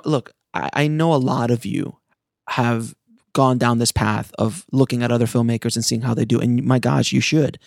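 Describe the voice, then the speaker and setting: Earnest man with a gravelly voice. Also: mid-range voice, a little mellow, no echo, clean studio sound. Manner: earnest and passionate, with frequent restarts. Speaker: filmmaker and podcast host. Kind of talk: casual monologue to listeners.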